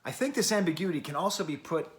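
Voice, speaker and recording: A man's voice: fairly high pitch, animated, fast talker. A man hosting a music review show, talking through his thoughts in a casual, musing way with long strings of clauses. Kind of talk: casual spoken album review.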